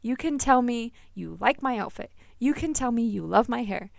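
Podcast host, woman, candid and animated, curses casually, a little vocal fry, dead-dry closet sound. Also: a little high, moderate pace, dry recording. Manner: candid, animated, swears freely, laughs often. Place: small closet. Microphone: single podcast microphone.

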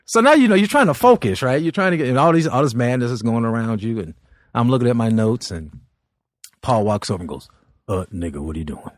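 A male comedian from Los Angeles telling stories on a podcast, animated and laughing often. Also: mid-range voice, fast talker, dry recording, clean studio sound. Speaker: guest comedian. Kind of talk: storytelling on a podcast.

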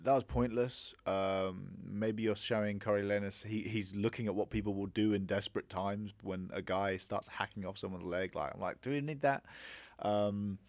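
A man's voice: fairly low pitch, steady tone, moderate pace, hardly any pauses, dry recording. A man co-hosting a casual movie review chat, hesitant and full of restarts. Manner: hesitant, many restarts and trailing off. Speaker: film review co-host.

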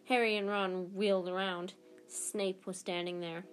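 A woman's voice: fairly low pitch, flat delivery, measured pace, soft background music. A woman narrating a novel aloud, reading steadily with small restarts and self-corrections.

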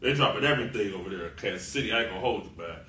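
Animated slangy man on a roomy podcast. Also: fairly low pitch, very fast. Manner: animated, slangy and profane, laughing a lot. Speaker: podcast co-host. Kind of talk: casual sports chat. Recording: roomy, far from the mic, faint noise.

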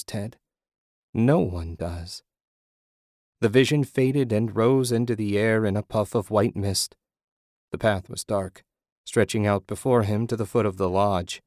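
Low-voiced man narrating a horror story. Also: darkish tone, no echo, studio quality.

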